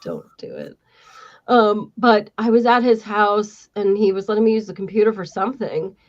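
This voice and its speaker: A woman in her forties tells wild, profane stories in a relaxed chat. Her delivery is lively and unfiltered. The recording sounds dull and lo-fi. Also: medium pitch, moderate pace. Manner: profane, animated storytelling. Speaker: podcast host. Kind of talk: casual chat.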